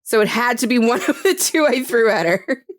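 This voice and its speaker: A woman's voice: a little high, lively intonation, moderate pace, no room sound, clean studio sound. A woman co-hosting a podcast in casual chat, laughing at herself and swearing freely. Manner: self-mocking, laughing, swearing. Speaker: podcast co-host.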